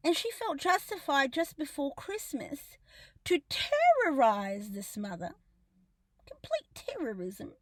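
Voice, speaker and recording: A woman's voice: high-pitched, wildly swooping pitch, takes it slowly, no echo. A woman delivering an impassioned video monologue as an activist, speaking in an indignant, emphatic and accusing way. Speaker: activist commentator.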